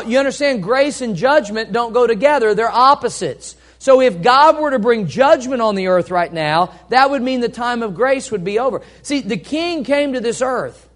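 A high-voiced man preaching a sermon. He swings between loud, emphatic points and quiet asides, often putting rhetorical questions to the congregation. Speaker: pastor.

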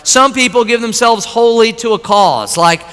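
A man preaching a sermon, emphatic and repetitive, sometimes dropping low and quiet to stress a point. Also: moderate pace, smooth. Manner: emphatic, repeats phrases, drops low and soft for weighty points. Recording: long hall reverb.

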